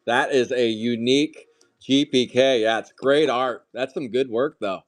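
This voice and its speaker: A man hosting a live trading card break, calling out pulls with loud, excitable, jokey hype. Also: mid-range voice, measured pace. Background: faint music.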